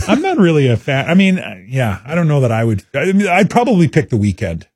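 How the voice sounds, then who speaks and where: Role: male radio host. Style: casual, playful quiz questions, lively up-and-down pitch, slightly husky. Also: brisk, no room sound, clean studio sound. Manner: playful quizzing, laughs often. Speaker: radio host interviewing a guest. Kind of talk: casual chat.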